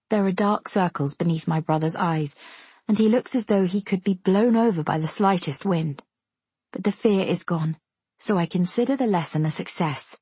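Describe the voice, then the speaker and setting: A woman reading a first-person story aloud with measured, intimate storytelling. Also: fairly low pitch, dark tone, slightly rough, no room sound. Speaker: audiobook narrator. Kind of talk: first-person audiobook narration.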